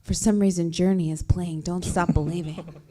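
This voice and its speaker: A woman's voice: fairly low pitch, fairly even intonation, normal speed, warm tone. A woman improvising a rambling comic story as a show guest, laughing along as she goes.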